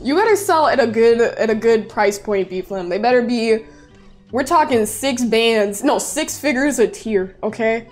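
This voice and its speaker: Speaking a little slowly in a fairly high, animated voice, a young woman in her twenties reads viewer messages on her casual livestream. Soft music sits in the background while she gushes, squeals, and laughs.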